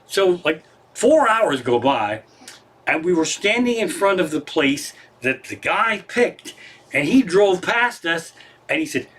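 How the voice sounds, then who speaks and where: A husky-voiced Pennsylvania comedian hosts a livestream show from his living room, telling a casual, profane story. He's excitable and animated, swearing constantly, with a fairly high pitch and a measured pace.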